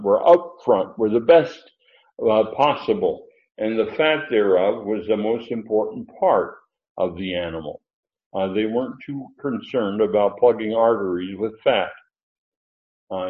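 A man preaching a sermon, explaining a Bible passage verse by verse in an unhurried, digressive way with many fillers. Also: on the low side. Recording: roomy, muffled.

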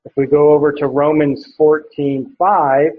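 A man's voice: fairly high pitch, flat delivery, a little slow, a little hiss or hum. A man preaching, teaching a passage verse by verse, with frequent fillers and restarts. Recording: dull lo-fi recording.

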